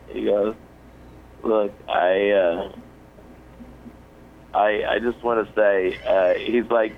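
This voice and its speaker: A man in his forties tells an anecdote in a relaxed, wandering way, stopping and restarting often. His voice comes over a muffled, lo-fi radio line with a faint hiss underneath. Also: on the low side. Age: 40s. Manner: rambling, many fillers and restarts. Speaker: comedian guest. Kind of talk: casual storytelling on a radio show.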